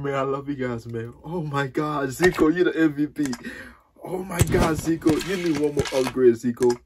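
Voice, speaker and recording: A man's voice: a little high, darkish tone, breathy edge. A man reacting to his own mobile football game, exclaiming and repeating words, calling everyone bro. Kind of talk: excited gameplay reaction. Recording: noisy game audio behind.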